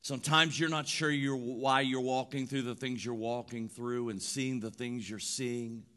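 A man preaching a sermon, moving from quiet, reflective phrases to loud, repeated, emphatic declarations. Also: mid-range voice, steady tone, unhurried. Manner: repetitive, rhythmic emphasis. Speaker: pastor.

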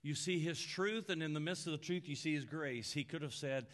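A male pastor preaching a conversational sermon, often dropping soft and low for emphasis. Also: fairly quick.

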